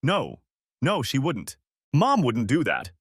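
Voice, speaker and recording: A man voicing a distraught fifteen-year-old son, raising his pitch and shouting with a cracking voice. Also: huge pitch swings, slow, slightly rough, dry recording, clean studio sound, full character voice. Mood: angry. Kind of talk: storybook narration, acted dialogue.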